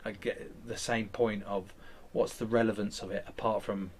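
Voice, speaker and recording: A man's voice: on the low side, flat delivery, normal speed, a little hiss or hum. A man, candidly retelling events in an interview and acting out quoted lines, with some casual swearing.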